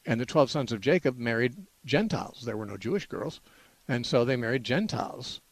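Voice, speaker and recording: A man hosting a call-in radio Bible show, explaining in a measured way with frequent "uh" restarts. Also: mid-range voice, lively intonation, creaky, no echo. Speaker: radio Bible-answer host.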